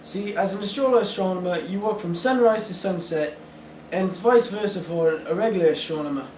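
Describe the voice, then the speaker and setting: A man's voice: high-pitched, a little fast, a little mellow, roomy sound, recorded from a distance, a little hiss or hum, close to an everyday voice, low-quality recording. A young man playing a stumbling astronomer. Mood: earnest. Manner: earnest, stumbling over words. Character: pompous British male astronomer being interviewed. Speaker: interviewee in a school project skit. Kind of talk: amateur skit acting.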